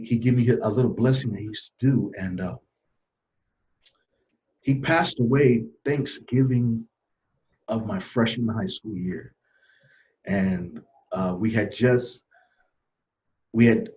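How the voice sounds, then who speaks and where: A man telling stories from his life as a guest in a casual interview, earnest and animated, often laughing. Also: fairly low pitch. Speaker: podcast guest. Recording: dull lo-fi sound.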